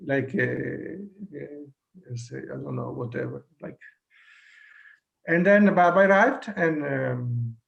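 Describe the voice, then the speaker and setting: A man in his sixties speaks in a slow, unhurried way with a gravelly rasp. His Italian accent colors every word as he tells his story haltingly, with plenty of fillers and restarts. He is heard over a video call. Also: mid-range voice. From Italy. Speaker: satsang guest. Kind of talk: personal storytelling.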